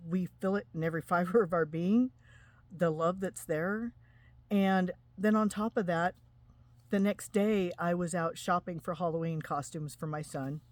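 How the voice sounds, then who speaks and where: A woman's voice: on the low side, a little mellow, no echo. Earnest woman sharing a spiritual story. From Utah, USA. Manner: earnest, emotional, halting with restarts. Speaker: spiritual vlogger. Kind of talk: personal testimony to camera.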